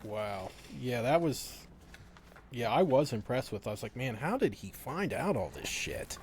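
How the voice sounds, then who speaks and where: A man's voice: medium pitch, sing-song, measured pace, a little hiss or hum. A man in casual conversation, telling stories with frequent laughter and swearing. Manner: laughs often, profane storytelling. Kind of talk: casual chat.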